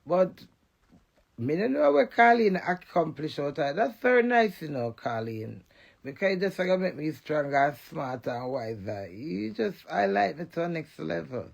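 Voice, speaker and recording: A woman's voice: fairly low pitch, lively intonation, normal speed, creaky, muffled recording. A Jamaican woman in a defiant, emotional live rant, cursing and repeating phrases in a chant.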